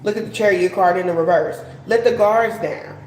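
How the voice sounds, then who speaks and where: A woman's voice: mid-range voice, moderate pace, darkish tone. Laid-back lady reading tarot on a live, slangy and laughing, echoey room w faint hum behind. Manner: chatty, laughing, swearing, slangy asides. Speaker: tarot reader.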